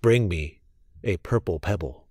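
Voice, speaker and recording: A man voicing a solemn male magic lizard in a storybook reading, speaking in a slow, hushed way. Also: low-pitched, dry recording, studio quality, voice pushed down.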